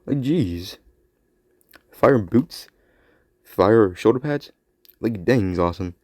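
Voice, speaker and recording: A man hosting a solo podcast, chatting excitedly about his action figures. His voice is mellow and lively in pitch. The sound is dry and close. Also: a little slow, no room sound. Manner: rambling, excitable. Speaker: podcast host. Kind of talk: casual solo commentary while playing with action figures.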